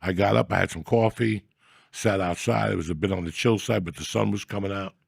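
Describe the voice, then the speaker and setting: A man's voice: sits low, brisk, gravelly, husky, no room sound, clean studio sound. A man hosting a comedy podcast, telling profane, rambling stories in crude casual banter.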